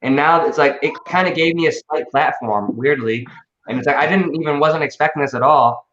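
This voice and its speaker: A man with a fairly high voice who rambles and swears as he co-hosts a casual livestream. He talks excitably, jumping from thought to thought. His voice comes through dull, lo-fi stream audio in a roomy space. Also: a little fast. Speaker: livestream co-host.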